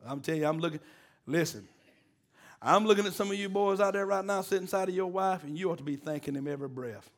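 A man delivers a sermon. His voice sits high for a man, and he calls out to the congregation for answers and jokes with them in a homespun way. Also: fast talker. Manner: call-and-response exhorting, folksy and joking. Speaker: preacher.

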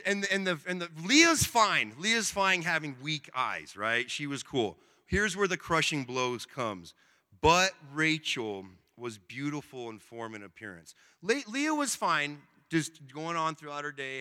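A man preaching a sermon in a casual, animated storytelling way, with slang and asides. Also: fairly high pitch, clear, resonant tone. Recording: long reverb.

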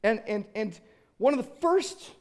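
A middle-aged male pastor preaching an animated sermon, acting out quoted voices and often restarting his sentences. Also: high-pitched, unhurried.

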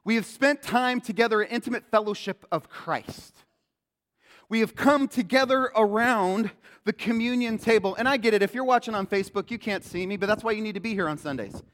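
A man preaching a sermon as pastor, animated and acting out quoted lines in a loud voice. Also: high-pitched, a little fast. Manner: animated, acts out quotes loudly. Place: church sanctuary. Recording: long hall reverb.

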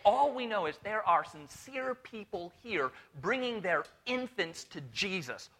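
Male Bible teacher, sermon delivery, higher than usual voice, animated questioning style. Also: unhurried, hardly any pauses. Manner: animated, full of rhetorical questions. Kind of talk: expository sermon to a room. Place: room with a live audience.

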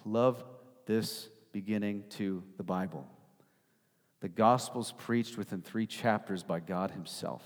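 A man's voice: on the low side, measured pace. A man preaching a sermon as pastor, emphatic and rhetorical, often tagging his points with "right?". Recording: long hall reverb.

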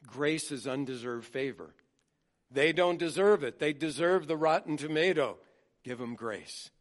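A male pastor delivering a sermon in a mid-range voice. He reads scripture slowly and deliberately, then swings between loud emphasis and quiet asides. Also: medium pitch. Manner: expressive preaching, slows down to read scripture; emphatic, rising loud on key points and dropping soft.

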